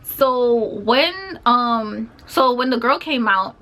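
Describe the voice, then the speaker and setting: A woman's voice: a little high, lively intonation, takes it slowly, pushed and bright. Young woman telling a casual storytime. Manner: casual, filler-heavy retelling with many quoted exchanges. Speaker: vlogger. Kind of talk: storytime vlog.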